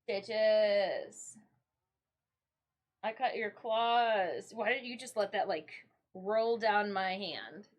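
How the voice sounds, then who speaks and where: A woman's voice: mid-range voice, very slow. A woman from Michigan chatting casually on a live stream, greeting viewers and talking to her cats.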